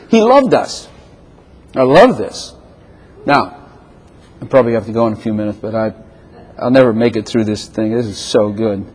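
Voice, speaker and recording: An older man preaching a sermon, quoting scripture and swinging between loud, excited lines and quiet, intimate ones. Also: long reverb tail. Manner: animated preaching, quoting scripture with sudden swings in pitch and volume. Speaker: pastor.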